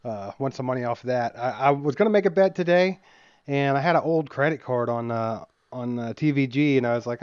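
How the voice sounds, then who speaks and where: A man's voice: mid-range voice, brisk, a little mellow, clear, resonant tone, dry recording, muffled recording. A man co-hosting a sports podcast, easygoing in casual chat and laughing often. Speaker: podcast co-host.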